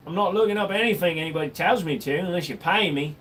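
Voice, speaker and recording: A man on a casual live stream, set in a home room with guns on the wall, jokes and rambles crudely while answering chat. His fairly high voice is expressive, a little fast, and fairly bright, with a bit of hiss or hum.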